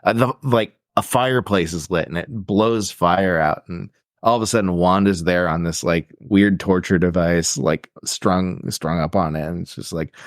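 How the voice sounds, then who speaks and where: A low-pitched man rambles through a movie recap, tossing in quick acted-out quotes of the characters. His voice is close and dry, with no room sound. He talks in a loose, casual way. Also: no echo. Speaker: podcast co-host.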